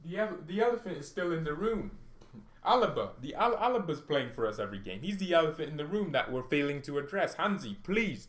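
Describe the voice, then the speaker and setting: A man hosting a football reaction vlog, talking in an animated, jokey, rambling way. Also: a little high, quick pace. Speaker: football reaction channel host. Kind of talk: casual reaction vlog commentary.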